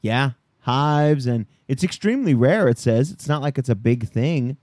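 Man, mid pitch, lively swings, dry close sound; profane teasing co-host in casual banter. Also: normal speed, no room sound.

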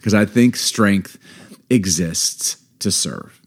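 A middle-aged man co-hosting a podcast, telling a story in casual chat, animated and emphatic, laughing often. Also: lowish voice, slow, husky. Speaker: podcast co-host.

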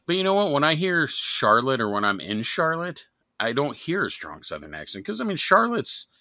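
A man's voice: a little high, big pitch swings, moderate pace, sharp tone, no echo, studio quality. A man from New York, co-hosting a podcast in casual, joking, rambling chat with plenty of swearing. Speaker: podcast co-host.

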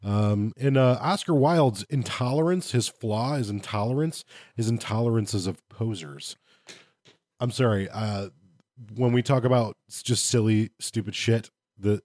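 Low-voiced blunt podcast man. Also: moderate pace, darkish tone, dry recording, studio quality. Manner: blunt opinions, many fillers. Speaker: podcast co-host reviewing game books. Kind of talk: casual chat.

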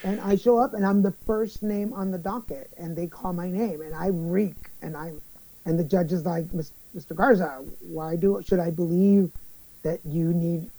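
A young man being interviewed, telling his story in a candid, animated way and acting out other people's lines. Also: high voice, moderate pace, no room sound, poor audio. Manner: animated storyteller, acts out quoted voices, many restarts. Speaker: guest.

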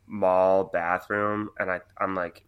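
A man's voice: deep voice, little pitch movement, takes it slowly, clean tone, highs cut off. A young man co-hosting a podcast, telling a story in a rambling, laugh-filled way with lots of fillers. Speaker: podcast co-host. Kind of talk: casual storytelling chat.

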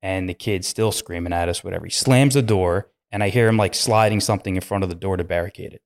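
A police detective and podcast guest, telling a story in casual chat and acting out the voices of the people in it. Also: male voice, sits low, quick pace. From United States. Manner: animated storyteller, acts out voices with sudden loud jumps.

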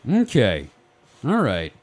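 A man hosting a casual podcast, telling a story to friends in a joking, animated way. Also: medium pitch, slow pace.

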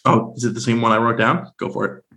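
A man co-hosting a casual film discussion, talking with animated energy and dropping into silly voices. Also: medium pitch, fast. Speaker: podcast co-host.

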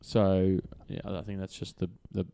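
A man with a lowish voice talks things through in a relaxed, agreeable way, pausing to think as he goes. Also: gravelly, smooth. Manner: easygoing, agreeable, thinks aloud with fillers. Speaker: podcast co-host. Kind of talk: casual fantasy sports chat.

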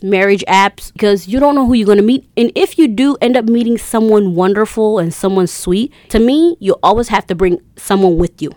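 A woman's voice: mid-range voice, darkish tone, dry recording. Woman, casual storyteller, chatty with fillers, dry close sound. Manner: chatty, retells with quoted voices and many fillers.

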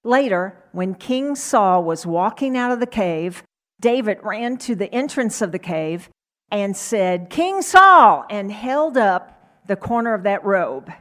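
A middle-aged woman telling a Bible story in a gentle, unhurried storytelling sermon. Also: medium pitch.

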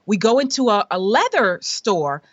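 Animated woman telling a money story. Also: medium pitch, moderate pace, husky, dry recording, dull audio. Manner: animated storyteller, laughs often, acts out quoted voices. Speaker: guest sharing a money story. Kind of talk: conversational storytelling interview.

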